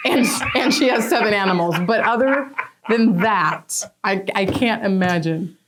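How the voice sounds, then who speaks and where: A woman's voice: mid-range voice, unhurried, heavy background noise. A woman singer chatting as a guest on a talk show, witty and teasing, laughing often. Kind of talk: casual chat.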